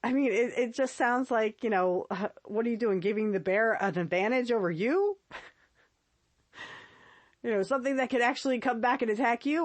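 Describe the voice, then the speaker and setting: Woman podcaster, chatty and giggly, dry close-mic sound, mid-pitched voice. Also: lively intonation, normal speed, dry recording. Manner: chatty and giggly, with lots of fillers and repeats. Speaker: podcast host. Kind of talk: casual solo podcast monologue.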